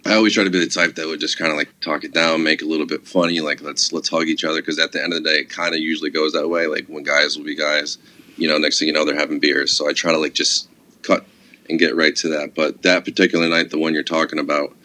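A man's voice: rumbling low, little pitch movement, fast, sharp tone. A man telling rambling stories in a casual conversation, laid-back, with lots of "like" and swearing. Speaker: guest, comedy club security guard.

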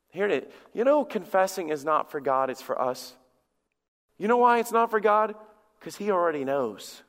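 A man's voice: high-pitched, expressive, fairly quick, a bit bright. A man preaching a sermon as lead pastor, emphatic and acting out little dialogues in different voices. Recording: long hall reverb.

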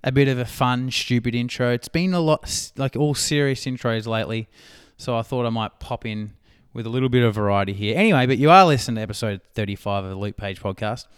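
A man's voice: mid-range voice, fast talker, smooth, dry recording, clean studio sound. An Australian man hosting his own podcast, chatting loosely with fillers and a self-mocking tone. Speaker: podcast host and business coach. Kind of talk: casual podcast chat.

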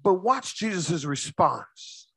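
A male preacher delivers a sermon in a high, bright voice that swings between booming shouts and near-whispers. He calls out to the congregation, and the recording is close and dry. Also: very animated, slow, creaky, breathy edge, no echo.

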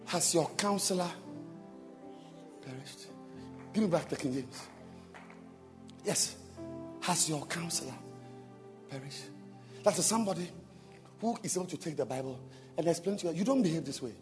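A man's voice: fairly high pitch, normal speed, pauses often, in a large hall, over music. A male pastor preaching a sermon, repeating phrases and building up to emphatic calls to prayer. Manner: emphatic, repetitive, calls for responses.

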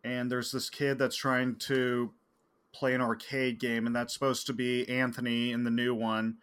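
A man co-hosting a podcast, answering in a dry, matter-of-fact manner during casual chat. His voice sits at an ordinary middle pitch. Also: level tone, normal speed, a bit bright, smooth. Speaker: podcast co-host.

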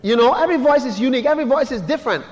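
A man's voice: very high voice, animated, very fast. A man preaching a sermon as pastor, putting questions to the congregation and repeating key words. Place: church hall. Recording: long echo of a large hall.

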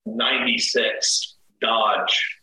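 A man's voice: lowish voice, extremely slow. Man telling a story in an echoey room. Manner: animated, acts out quotes. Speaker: guest storyteller. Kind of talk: casual storytelling. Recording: echoey room with faint noise.

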